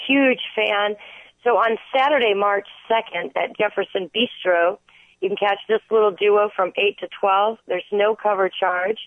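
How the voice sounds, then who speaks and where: A woman's voice: mid-range voice, a little slow, dry recording. Upbeat woman on a tinny phone line. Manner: enthusiastic, upbeat. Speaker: radio guest on phone. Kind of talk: casual radio chat.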